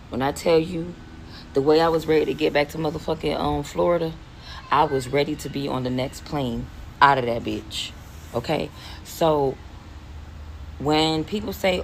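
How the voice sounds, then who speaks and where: A woman's voice: deep voice, normal speed, vocal fry, a little hiss or hum, poor audio. A woman in her forties from Philadelphia, telling a casual storytime with lots of swearing. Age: 40s. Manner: animated, profane, rambling.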